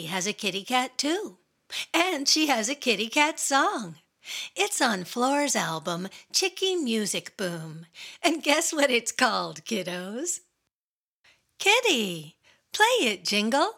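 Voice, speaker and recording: Bright, gravelly woman hosting a kids' show. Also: on the high side, sing-song, takes it slowly. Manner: cheerful, speaks directly to young listeners. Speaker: children's radio host. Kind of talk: upbeat talk to children.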